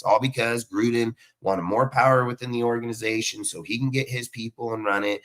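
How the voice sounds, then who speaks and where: On a sports podcast panel, a man rants heatedly about his football team, swearing constantly and rambling from one point to the next. His voice is lowish with a fairly bright tone.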